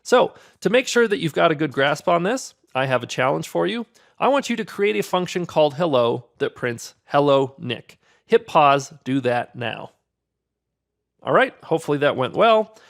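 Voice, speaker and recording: Upbeat man with a gravelly, higher voice. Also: sing-song, normal speed. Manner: upbeat, conversational teaching. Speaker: programming instructor. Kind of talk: screen-recorded coding tutorial.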